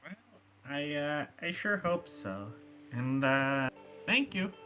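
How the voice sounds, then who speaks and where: A man's voice: fairly high pitch, lively intonation, takes it slowly, sharp tone, soft background music. A man playing a tabletop game in character, talking casually and hesitantly. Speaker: player.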